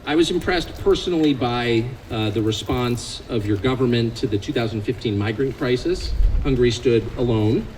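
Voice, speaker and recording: A man's voice: medium pitch, moderate pace, few pauses, a little mellow, slight background noise, rough recording. An American man giving a public speech to a live audience, sardonic and joking, growing more impassioned as he goes. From United States. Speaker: invited speaker.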